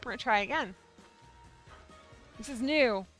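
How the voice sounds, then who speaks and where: Bubbly, high-pitched woman streamer. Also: measured pace, faint music behind. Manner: bubbly, excitable, chatty with viewers. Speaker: livestream host of a yarn shop show. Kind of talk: casual livestream chat.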